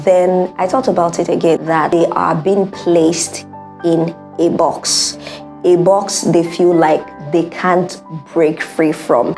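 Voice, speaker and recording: A woman's voice: on the low side, darkish tone. A young woman speaking in an earnest, heartfelt personal monologue, repeating her points for emphasis. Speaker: vlogger.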